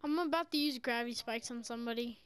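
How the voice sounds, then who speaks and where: A young woman giving casual, excitable commentary over her own gameplay through a gaming headset, quick to react and poke fun at herself. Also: fairly high pitch, slight background noise. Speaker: gaming video creator.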